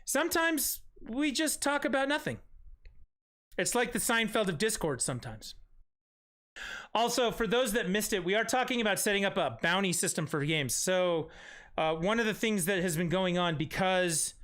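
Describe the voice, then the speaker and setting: A man's voice: sits high, lively intonation, normal speed, fairly bright tone. A man hosting a live stream in casual chat, rambling with profane, self-mocking asides. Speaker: stream host.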